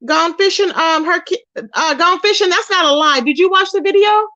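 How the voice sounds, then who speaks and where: A woman hosting a casual livestream, telling stories in an animated, expressive way with loud exclamations. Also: extremely high pitch, normal speed, muffled recording. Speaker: livestream host.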